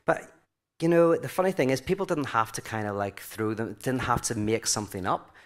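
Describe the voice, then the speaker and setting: A man's voice: medium pitch, animated, brisk. A man giving a loose, conversational talk at a weekend event, full of fillers, acting out quoted voices as he goes. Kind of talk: casual conference talk.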